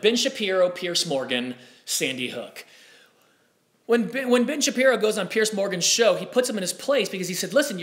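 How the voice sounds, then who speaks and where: Impassioned male talk show host. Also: high-pitched. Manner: impassioned, animated, with frequent asides. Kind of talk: live talk show monologue.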